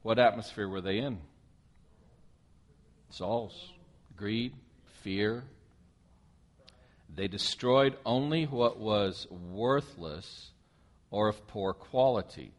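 A man's voice: fairly low pitch, drawn-out words, pauses often. A man preaching a sermon, reading a scripture passage aloud and breaking off to comment on it and put questions to his listeners. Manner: animated, asks the listeners questions.

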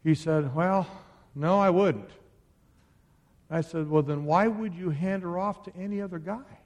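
A middle-aged man preaching as a pastor, swinging between loud exhortation and quiet, intimate asides. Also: high voice, unhurried. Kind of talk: sermon.

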